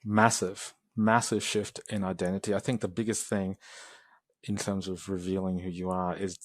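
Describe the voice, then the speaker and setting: A man in his forties, a podcast guest, telling personal stories in a lively way and acting out the remarks of others. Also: low-pitched, moderate pace, no room sound, studio quality. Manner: animated storytelling, acts out quoted exchanges. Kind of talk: podcast interview.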